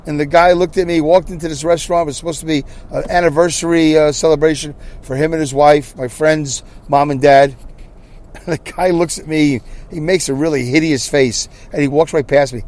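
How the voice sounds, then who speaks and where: A man's voice: on the high side, steady tone, brisk, darkish tone. A man hosting a podcast, telling a story in a casual monologue with exasperated ranting and frequent restarts. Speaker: podcast host.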